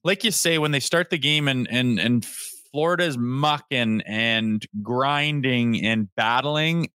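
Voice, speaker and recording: A man co-hosting a sports podcast in casual chat, talking in an animated way and swearing freely. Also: mid-range voice, takes it slowly, clean tone, no echo, studio quality. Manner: animated, swears, acts out players' voices. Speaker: podcast co-host.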